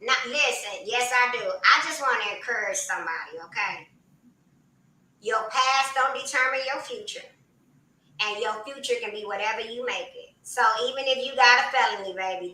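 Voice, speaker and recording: A woman's voice: fairly high pitch, brisk, sharp tone. A woman guest, a financial coach, talking emphatically in a casual interview and calling listeners baby. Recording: echoey, distant from mic.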